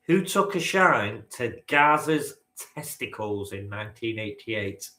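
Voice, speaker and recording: A man's voice: on the low side, big pitch swings, a little slow, hardly any pauses, sharp tone, roomy sound. A man hosting a live-stream quiz, bantering with the chat and swearing now and then. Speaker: quizmaster.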